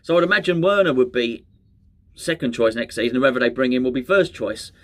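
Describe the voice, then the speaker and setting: A man's voice: medium pitch, expressive, a little fast. Chatty man rambling about football. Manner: chatty, rambling, self-mocking asides. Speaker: fan channel host. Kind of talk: casual solo football chat.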